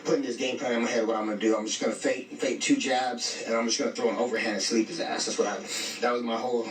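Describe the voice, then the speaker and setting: A man's voice: medium pitch, steady tone, fast talker. A man telling a story in casual street slang, bluntly quoting himself and others as he goes. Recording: echoey, distant, faint music.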